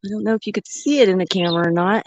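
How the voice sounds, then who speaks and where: A woman's voice: medium pitch, steady tone, rapid-fire, slight background noise, rough recording. A woman vlogging outdoors on a mountain trail, chatting and thinking aloud into a handheld camera as she hikes. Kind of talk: casual walking vlog narration.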